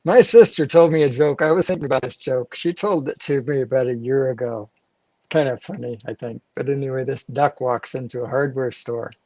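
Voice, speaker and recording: A man's voice: medium pitch, fairly quick, dry recording, dull audio. A man hosting a casual livestream, chatting and telling a rambling joke with chuckles. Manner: relaxed, chuckling, rambling storyteller. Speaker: livestream host.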